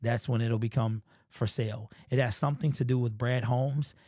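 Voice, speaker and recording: A man with a hoarse, sore-throated voice, hosting a casual sports livestream and chatting loosely with viewers. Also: mid-range voice, fairly even intonation, moderate pace, warm tone, dry recording, clean studio sound. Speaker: sports show host.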